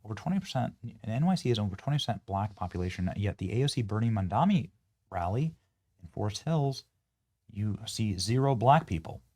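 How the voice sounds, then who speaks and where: A man's voice: lively intonation, a little fast. Sneering male political commentator. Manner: sarcastic, scornful, swings between loud jeers and low mutters. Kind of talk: reacting to clips, mocking commentary.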